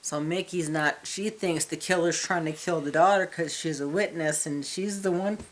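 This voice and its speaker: Female co-host, very low voice, dry teasing delivery, corrects her partner. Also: steady tone, moderate pace. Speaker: podcast co-host. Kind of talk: casual movie review chat.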